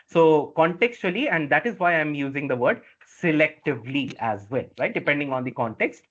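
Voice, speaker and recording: A man with an Indian English accent teaches a classroom, his voice sitting a little high. He talks in halting, repetitive bursts and keeps asking "right?" to check that the class is following. The recording sounds dull and muffled. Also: a bit bright. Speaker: instructor. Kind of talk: classroom lecture.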